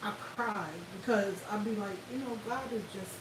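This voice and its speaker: A woman's voice: mid-range voice, moderate pace, far from the mic. A woman hosting a casual livestream, talking bluntly and profanely straight to her viewers. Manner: loud, animated, blunt and profane, addresses viewers directly. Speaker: livestream host. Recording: echoey room, off-mic, faint hiss.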